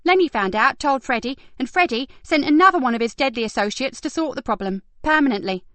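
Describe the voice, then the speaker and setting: A woman reading an audiobook and voicing an earnest young female detective in a brisk, animated way. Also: sits high, no room sound, pitched above the performer's own voice.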